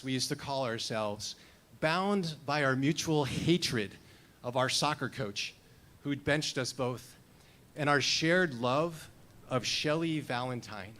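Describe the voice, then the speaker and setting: A man's voice: mid-range voice, a bit bright. A man in his fifties performing a personal story at a storytelling slam, wry and reflective. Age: 50s.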